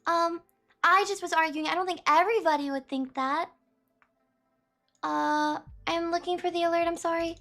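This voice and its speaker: A woman's voice: very high-pitched, fairly even intonation, moderate pace, sharp tone. A young woman streamer rambling casually to her chat, saying "beep" aloud in place of words she bleeps out. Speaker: streamer chatting with viewers.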